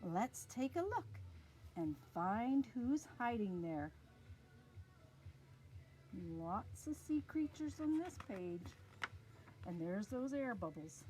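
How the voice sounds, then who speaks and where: A Canadian woman reads a picture book to little children, drawing out her words slowly. Her voice sits fairly high and swoops up and down in a sing-song way as she points things out on the page. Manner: slow, sing-song and expressive, talking to kids. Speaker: early years storyteller. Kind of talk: reading a picture book aloud to young children.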